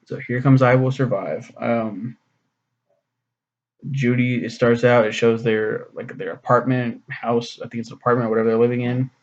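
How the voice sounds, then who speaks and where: A man recaps a comic in a loose, rambling, profane way, full of fillers and restarts. His voice has a gravelly fry at mid pitch. The recording is muffled and lo-fi. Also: level tone, moderate pace. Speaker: comic reviewer. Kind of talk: casual recap and commentary.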